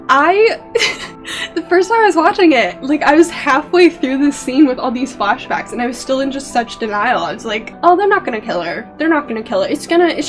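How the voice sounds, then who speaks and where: A young woman vlogging casually about a show, emotional and excitable, laughing often and on the edge of tears. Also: high-pitched. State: teary. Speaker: vlogger reviewing a show while drawing. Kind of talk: casual chat.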